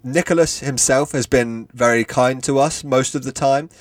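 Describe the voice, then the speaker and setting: A man's voice: medium pitch, normal speed, dry recording. Wry male podcast co-host. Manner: wry, playful, mock-dramatic. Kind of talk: casual chat and reading aloud.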